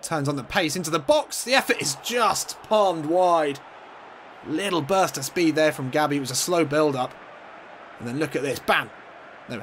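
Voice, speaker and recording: Commentating on his own football video game, a gaming commentator mimics a sports broadcast and bursts into exasperated outbursts. His voice is mid-range and fairly bright, with a little hiss or hum in the recording.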